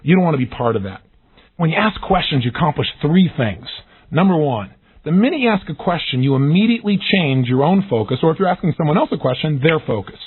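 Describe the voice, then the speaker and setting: A man giving an energetic recorded self-help lesson, acting out the questions he describes in lively voices. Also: a little high, quick pace, breathy edge. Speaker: motivational speaker. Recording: tinny phone-like audio.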